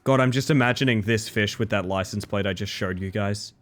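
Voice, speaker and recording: A man's voice: on the low side, fairly quick, fairly bright tone. A young adult man casually commentating on a game stream, telling stories in a joking way. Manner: joking storyteller.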